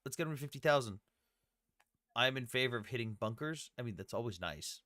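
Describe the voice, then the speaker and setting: Fast, bright-voiced male stream host. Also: medium pitch, expressive, no room sound. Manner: blunt and profane, quick asides. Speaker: host of a live debate stream. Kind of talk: casual live-stream talk.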